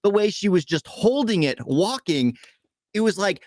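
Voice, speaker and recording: Man, exasperated podcast rant, somewhat high pitch. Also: no room sound, studio quality. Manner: animated, exasperated, rapid complaining. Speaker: podcast co-host. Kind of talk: casual movie review rant.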